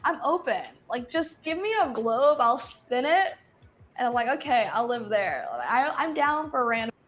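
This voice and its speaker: An American woman speaking in an interview clip, relaxed and easygoing. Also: a little high, a little slow, a little hiss or hum. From United States. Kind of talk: documentary interview.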